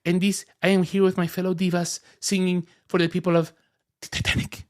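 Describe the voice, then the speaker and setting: A man's voice: high voice, flat delivery, a little fast, pitched above the performer's own voice, natural voice. A man doing a melodramatic female diva singer with a mock Quebec French accent, over-earnest and overly formal.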